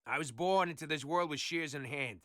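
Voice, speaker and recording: An actor playing a boastful, chatty barber questioned in a detective video game. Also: male voice, on the high side, a little fast, fairly bright tone, no room sound, studio quality, natural voice. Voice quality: theatrical, self-assured. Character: boastful chatty male barber, middle-aged.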